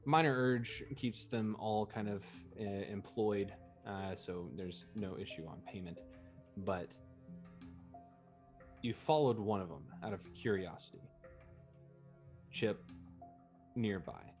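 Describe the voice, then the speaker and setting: A man's voice: on the low side, slow, pauses often, soft background music. A man narrating a tabletop game as game master, in loose, filler-heavy speech.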